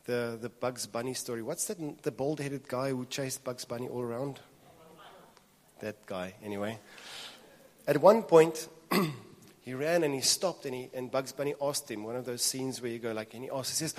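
A man's voice: medium pitch, normal speed, darkish tone. Earnest man preaching in a reverberant hall. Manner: earnest, repeats phrases for emphasis. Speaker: pastor. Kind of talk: sermon. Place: church hall.

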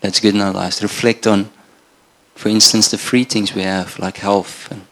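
A man's voice: fairly low pitch, flat delivery, normal speed, fairly bright tone, slight background noise. A middle-aged man from Namibia preaching a sermon in an earnest, conversational way. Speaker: pastor.

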